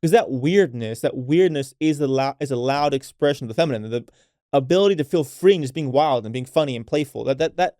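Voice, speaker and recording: A man's voice: mid-range voice, expressive, fast talker, a little mellow, no echo, clean studio sound. A man hosting a casual solo podcast, speaking unfiltered and swearing freely, coaching women listeners and often tagging his points with "right?". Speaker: podcast host.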